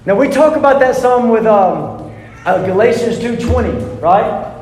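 A man's voice: extremely high pitch, expressive, moderate pace, darkish tone. A man preaching a sermon as pastor, earnest and emphatic, repeating key words and putting questions to the congregation. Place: church sanctuary. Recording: echoey hall, long reverb.

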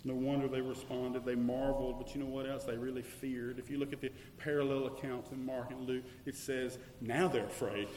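A man preaching a sermon, swinging from loud declarations to hushed, searching questions. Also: mid-range voice, level tone, a little fast, hardly any pauses, a little hiss or hum. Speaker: pastor. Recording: echoey hall with long reverb.

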